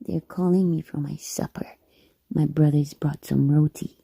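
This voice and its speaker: A woman's voice: sits low, fairly even intonation, normal speed, vocal fry, dark tone, breathy edge. A woman telling a personal story to camera in a dramatic way, often dropping into a whisper and piling up repeated words for emphasis. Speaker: vlogger.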